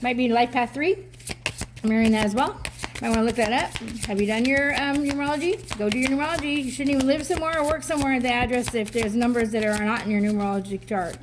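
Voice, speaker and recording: A woman's voice: a little high, fairly even intonation, fast talker, noisy background. A woman doing a casual oracle card reading, chatty and upbeat, reading card text aloud and laughing often.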